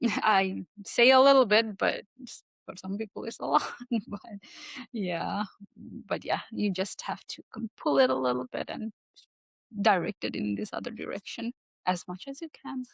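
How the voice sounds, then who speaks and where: A woman talking as a podcast guest, thoughtful and searching for her words, with small soft laughs. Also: medium pitch, normal speed, vocal fry, husky, dry recording. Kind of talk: reflective conversation.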